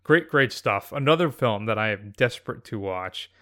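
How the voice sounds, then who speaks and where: A man's voice: lowish voice, animated, normal speed, sharp tone. Man on a movie podcast, laid back and opinionated, dry. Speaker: podcast co-host. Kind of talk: casual film chat.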